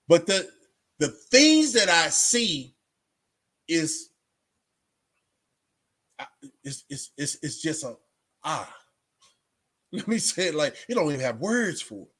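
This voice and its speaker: A man from Texas with a fairly high-pitched voice talks straight to his viewers on a livestream. He rambles in a loose, unscripted way, leaning on streetwise slang, fillers and restarts. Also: breathy edge. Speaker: livestream host. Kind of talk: casual rambling monologue to viewers.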